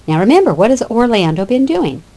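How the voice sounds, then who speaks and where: A woman's voice: a little high, very animated, fairly quick, warm tone. A woman teacher giving a lecture that explains a classic play scene by scene. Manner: explanatory, with fillers and restarts. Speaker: literature teacher.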